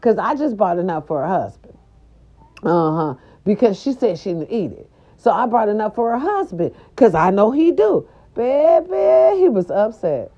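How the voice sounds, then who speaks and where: Woman vlogger, casual storytelling, sassy and expressive, mellow tone, muffled lo-fi sound. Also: mid-range voice, normal speed. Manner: sassy, animated, talks straight to viewers. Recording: dull lo-fi recording.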